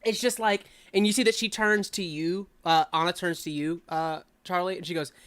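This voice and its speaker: A woman's voice: on the low side, a little fast. Rambling female game master, full of fillers. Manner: loose, rambling, many fillers and laughs. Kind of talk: narrating a tabletop game.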